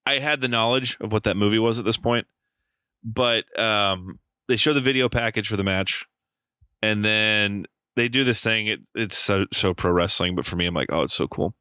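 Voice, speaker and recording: A man co-hosting a podcast, telling an animated story in casual chat, swearing freely and using lots of fillers. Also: on the low side, normal speed, clear, resonant tone, no echo. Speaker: podcast co-host.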